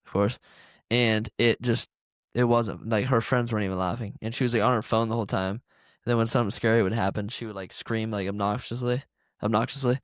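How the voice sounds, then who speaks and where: A man's voice: lowish voice, fairly even intonation, brisk, smooth, dry recording, clean studio sound. A young man co-hosting a podcast, telling a story in a rambling, casual way full of fillers. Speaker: podcast co-host. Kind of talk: casual chat.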